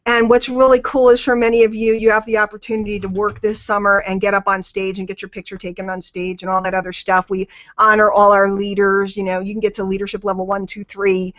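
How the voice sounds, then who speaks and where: A woman's voice: medium pitch, level tone, fast, hardly any pauses, fairly bright tone, no echo, highs cut off. A woman coaching a network marketing team on a group call. She talks emphatically and repeats her key phrases for weight.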